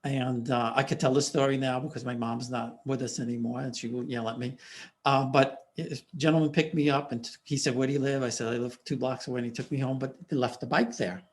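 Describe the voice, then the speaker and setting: A man's voice: mid-range voice, fairly even intonation, fast talker. A middle-aged man hosting an interview, telling easygoing anecdotes with lots of fillers. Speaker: podcast host. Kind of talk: casual interview chat.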